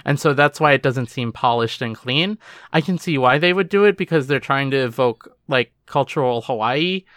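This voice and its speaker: A man's voice: mid-range voice, moderate pace, fairly bright tone, dry recording, studio quality. A man co-hosting a podcast in casual chat, rambling, trailing off and restarting his thoughts. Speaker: podcast co-host.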